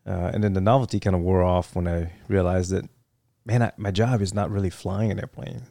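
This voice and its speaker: A middle-aged man with a Vietnamese accent, talking in a loose, rambling way and leaning on "you know" as he tells his story. His voice sits very low with a gravelly fry to it. The recording is dry and close. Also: brisk, no room sound. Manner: relaxed, rambling, heavy fillers like "you know". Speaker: interview guest, retired Marine fighter weapons officer. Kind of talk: casual interview storytelling.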